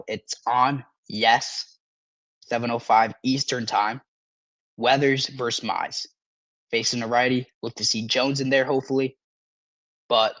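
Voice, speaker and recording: A male sports podcast host talking casually on a live stream, excitable and animated, with a parched throat that keeps making him cough and clear it. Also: medium pitch, no room sound.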